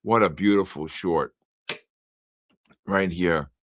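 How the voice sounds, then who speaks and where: An older man hosting a live trading stream, chatting casually, greeting viewers by name and breaking into loud exclamations. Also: deep voice, takes it slowly, a little hiss or hum. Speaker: livestream trading host.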